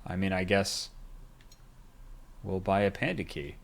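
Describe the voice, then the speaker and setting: A man's voice: low-pitched, a little slow, vocal fry. A man casually commenting as he plays a game, reading its text aloud in a wry way. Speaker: streamer playing a game.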